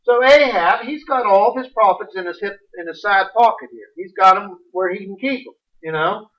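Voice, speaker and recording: A man preaching a sermon, animated and folksy, reading scripture aloud with sudden bursts of emphasis. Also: sits high, moderate pace. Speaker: pastor. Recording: distant, muffled livestream audio.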